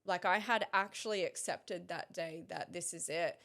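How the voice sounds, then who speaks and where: Interview guest: woman, slightly low voice, hesitant delivery with frequent restarts. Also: fairly even intonation, creaky, fairly bright tone. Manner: halting and hesitant, many pauses and restarts. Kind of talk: recounting a personal story in conversation.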